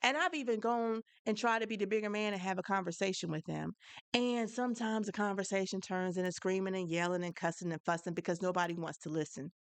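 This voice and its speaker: A woman's voice: mid-range voice, quick pace, clean tone, no room sound. A woman hosting a solo advice podcast, talking frankly and conversationally, with a preachy edge. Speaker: podcast host.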